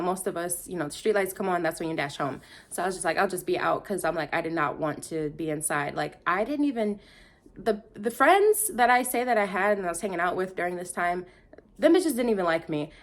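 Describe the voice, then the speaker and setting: A young woman from Detroit telling a casual storytime monologue, rambling, interrupting herself and laughing often. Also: on the low side.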